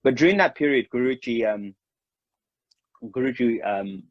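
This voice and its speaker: A man from Mauritius telling stories in a relaxed, informal way, laughing now and then and calling people "bro". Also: mid-range voice, normal speed, no room sound. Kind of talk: casual storytelling. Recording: dull lo-fi dry sound.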